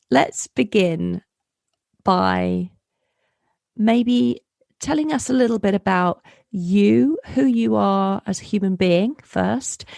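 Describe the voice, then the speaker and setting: A woman hosting an interview podcast, introducing her guest in a soft, slow way. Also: medium pitch, creaky, no echo. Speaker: podcast host.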